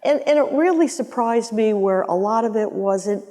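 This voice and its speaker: Speaking at a moderate pace in a slightly high voice, a former album art director in her sixties shares anecdotes during an interview. She's an animated storyteller who performs the voices of the characters. Long hall reverb colors the recording.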